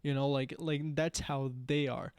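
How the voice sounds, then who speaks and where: A man's voice: a little high, level tone, unhurried, darkish tone, smooth, dry recording, clean studio sound. A young man co-hosting a podcast in casual chat, rambling with many "like"s and "you know"s. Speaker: podcast co-host.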